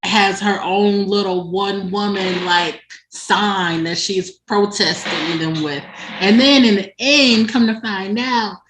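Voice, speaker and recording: A woman's voice: mid-range voice, fairly even intonation, slow pace, background noise. A woman chatting casually about a romance book, telling the story with lots of fillers and laughing asides. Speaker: book reviewer. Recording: echoey room.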